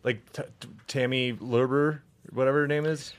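A man's voice: mid-range voice, fairly even intonation, moderate pace. A man co-hosting a podcast, chatting casually with rambling, swearing asides and frequent laughs. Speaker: podcast co-host. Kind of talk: casual chat.

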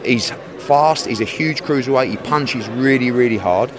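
A man in his forties, a boxing promoter, teasing and mocking his interviewer in animated, swearing banter outdoors. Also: mid-range voice, moderate pace, a crowd in the background. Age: 40s.

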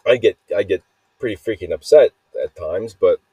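A man's voice: on the low side, moderate pace, dark tone, slightly rough, dry recording, muffled recording. A man hosting a podcast, rambling through a personal monologue with frequent swearing and flashes of anger. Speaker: podcast host.

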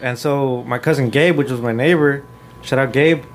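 A man's voice: mid-range voice, normal speed, slight background noise. A man in his twenties telling laid-back stories in a casual chat, mixing in Spanish and swearing freely. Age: 20s. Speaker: guest musician.

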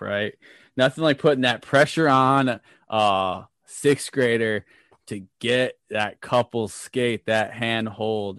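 A man's voice: on the low side, dry recording, clean studio sound. A man co-hosting a podcast, chatting casually and telling a story, tagging his sentences with "right?". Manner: relaxed, tags sentences with "right?". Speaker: podcast co-host.

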